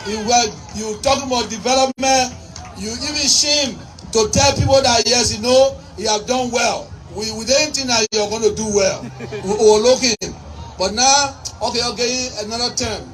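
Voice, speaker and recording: A woman with a Liberian English accent giving a fiery campaign speech, shouting and firing off repeated rhetorical questions. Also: a little high, normal speed. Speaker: politician. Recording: distant mic with faint crowd and noise.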